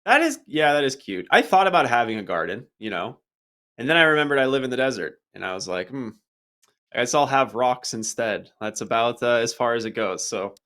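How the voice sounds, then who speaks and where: A man hosting an esports broadcast, trading relaxed, easygoing banter with his co-caster. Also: mid-range voice, quick pace. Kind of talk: casual esports commentary.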